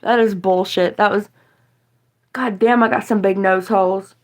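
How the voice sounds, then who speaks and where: A woman's voice: mid-range voice, steady tone, moderate pace, darkish tone, low-quality recording. A young woman with a West Virginian accent, chatting casually and rambling on a livestream from her home kitchen, swearing freely as she talks to viewers.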